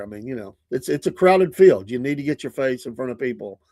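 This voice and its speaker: A man's voice: medium pitch, animated, fairly quick, warm tone, dry recording. A man in the middle of his range runs a casual morning talk show, drifting from story to story and laughing at his own asides. The sound is close and dry, with no room around it, as if he is in a small home studio. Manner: rambling, chuckling often, retells stories.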